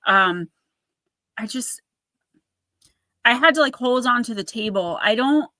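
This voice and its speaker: A woman speaking as a psychic guest in a casual interview, animated and emphatic, talking in quick bursts. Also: fairly high pitch, no echo.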